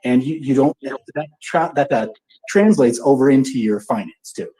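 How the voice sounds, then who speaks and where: A man hosting a casual live audio chat, joking and animated as he talks. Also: mid-range voice, normal speed, slightly rough, rough recording. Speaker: show host.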